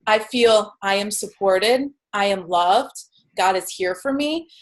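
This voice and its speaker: A woman's voice: mid-range voice, slow pace, rough recording. Casting: woman, earnest heartfelt guest, video call sound. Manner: earnest, spiritual, acts out inner voices. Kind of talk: heartfelt interview talk.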